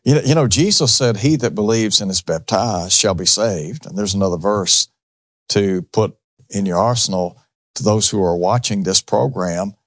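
A man's voice: lowish voice, moderate pace, no echo. A man hosting a religious talk show, preaching emphatically with rhetorical questions.

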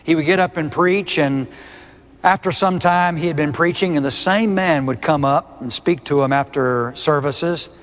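A man's voice: fairly high pitch, moderate pace, a bit bright, big-room sound. A man preaching a sermon, emphatic and repeating key words with rising force.

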